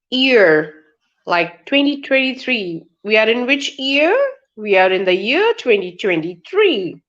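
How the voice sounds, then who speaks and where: Slow-drilling woman teaching pronunciation. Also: medium pitch, dull audio. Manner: slow, drawn-out word drills with repeated examples. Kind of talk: online webinar lesson.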